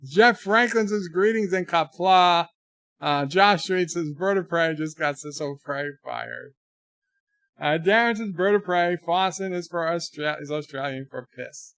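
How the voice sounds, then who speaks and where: A man's voice: on the high side, unhurried, no room sound. Joking American man in a bedroom stream. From United States. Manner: joking, rambling, animated asides. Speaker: livestream host. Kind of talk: casual chat reading viewer comments.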